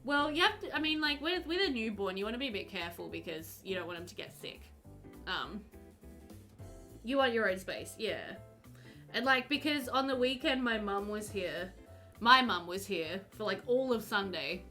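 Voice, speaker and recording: A woman's voice: mid-range voice, expressive, moderate pace. Chatty young woman streamer, faint music. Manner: chatty, warm, giggly, reads chat aloud. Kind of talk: casual chat with live chat while gaming.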